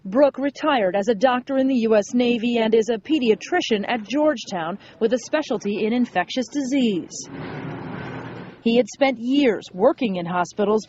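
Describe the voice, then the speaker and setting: Higher-pitched woman news reporter. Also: highs cut off, a little hiss or hum. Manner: steady, clear delivery.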